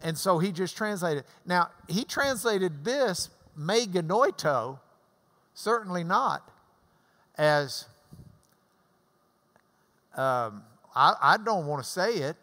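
Animated man in his sixties preaching. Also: sits high, slow, long pauses, in a large hall. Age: 60s. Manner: animated and emphatic, explaining Greek words with folksy asides. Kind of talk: sermon, verse-by-verse Bible teaching.

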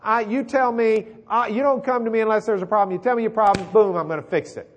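A man's voice: high-pitched, fast talker, voice pushed up, natural voice. A man voicing an ancient king in a sermon retelling, with a brash, folksy, emphatic delivery. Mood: eager. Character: bossy generous ancient king.

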